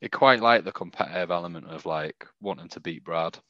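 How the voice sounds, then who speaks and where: Low-voiced dry man, dull sound. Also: fairly quick, sharp tone, no echo. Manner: dry self-mocking storyteller. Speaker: podcast co-host. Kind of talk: casual chat.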